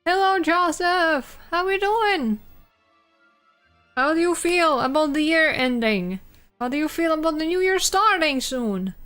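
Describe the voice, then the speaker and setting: A young adult woman streaming live, chatting casually with viewers in a halting way, full of restarts and little laughs. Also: high-pitched, fairly bright tone.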